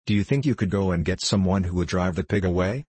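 A man's voice: low-pitched, fast talker, a little mellow, husky, dry recording. A man doing a flustered genteel lady. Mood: exasperated. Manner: prim, increasingly exasperated.

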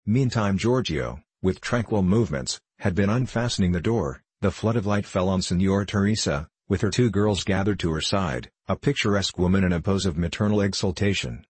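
A man reading a classic novel aloud as an audiobook narrator, in a measured, steady way. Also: low-pitched, breathy edge, dry recording.

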